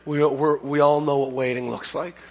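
A man preaching a conversational sermon as pastor, hoarse from having lost his voice, chatty and plain-spoken with frequent self-corrections. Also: fairly high pitch, flat delivery, moderate pace, darkish tone, soft background music. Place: church sanctuary. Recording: long hall reverb.

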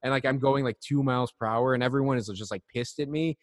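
A man's voice: medium pitch, fast, dry recording, clean studio sound, in a large hall. A man co-hosting a podcast, telling a long, loose, profane story in casual chat. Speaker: podcast co-host.

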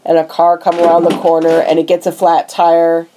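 A woman with a lowish, mellow voice retells a film scene by scene in a relaxed podcast chat. She slips into the characters' lines as she goes, keeping the story moving. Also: moderate pace, slight background noise, rough recording. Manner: animated storytelling, acting out dialogue. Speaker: podcast host recapping a film. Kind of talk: casual chat.

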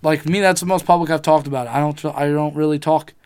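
Young man, slightly high voice, animated profane storyteller, casual podcast chat. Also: fast talker, clear, resonant tone.

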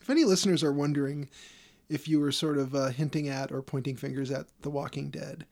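A man's voice: on the high side, steady tone, fairly quick, gravelly, a little mellow. A man co-hosting a podcast, chatting casually, teasing and laughing often. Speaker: podcast co-host. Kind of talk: casual chat.

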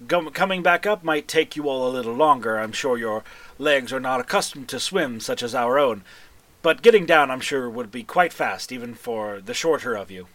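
A man voicing a formal, courteous male Triton envoy who speaks slowly and politely in a tabletop game. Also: medium pitch, lively intonation, fairly bright tone, no room sound, lightly acted. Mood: gracious. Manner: slow, stately, polite speech.

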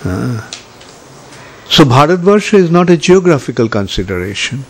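An older man giving a scripture lecture, measured and pausing often with fillers. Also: mid-range voice, very animated, breathy edge. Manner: slow, measured, many pauses and fillers. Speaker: spiritual teacher. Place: Ujjain, India.

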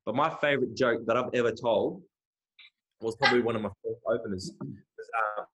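A young man from Australia, a comedian, chatting casually and telling jokes with animated character voices. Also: mid-range voice, moderate pace, background noise.

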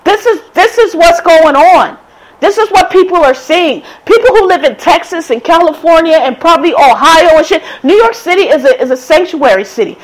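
A woman's voice: very high voice, animated, normal speed, rough recording. A woman delivering a blunt, profane, exasperated opinion monologue as a political commentator.

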